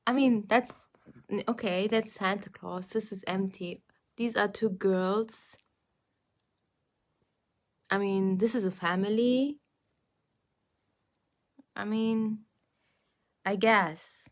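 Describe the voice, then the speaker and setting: Young woman vlogger, slow unhurried storytime, gets loud and swears when shocked. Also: a little high. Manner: animated, exclaiming and swearing. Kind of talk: casual storytime.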